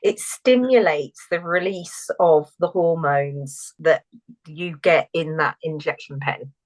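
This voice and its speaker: A woman's voice: low voice, slow pace, rough recording. A woman co-hosting a casual podcast, laughing often and tripping over her words. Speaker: podcast co-host. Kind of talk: casual chat.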